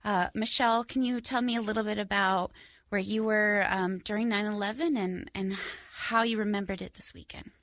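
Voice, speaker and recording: A woman's voice: mid-range voice, steady tone, normal speed, fairly bright tone, dry recording. A woman producer introducing a podcast segment in a friendly way, with a few fillers. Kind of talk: show introduction.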